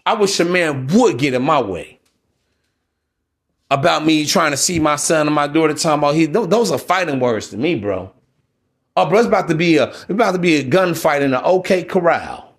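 A man's voice: fairly high pitch, lively intonation, normal speed. A man hosting a solo podcast, ranting in a blunt, preachy, profane way. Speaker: podcast host.

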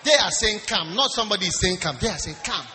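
Animated high-voiced man preaching a sermon. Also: fast. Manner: animated, swings from quiet asides to shouting; humorous, teasing the congregation. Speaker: pastor. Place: church service. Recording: live church with music and a loud congregation.

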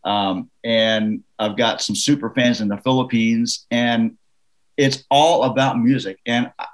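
A man from Canada, a musician guest in a casual interview, telling an anecdote in a lively, laughing way. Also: medium pitch, unhurried, low-quality recording. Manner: animated, laughing anecdote teller.

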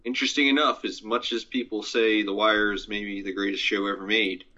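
A man's voice: fairly low pitch, level tone, brisk, sharp tone. A man co-hosting a podcast, talking casually about films in a rambling way, with lots of fillers. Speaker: podcast co-host. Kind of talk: casual movie chat. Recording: dull lo-fi sound.

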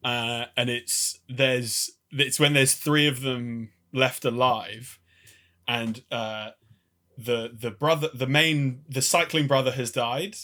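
A man's voice: mid-range voice, fairly even intonation, takes it slowly, pushed and bright. A man co-hosting a casual film podcast, telling stories with a laugh and acting out scenes. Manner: laughing, storytelling, acts out quotes. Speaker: podcast co-host.

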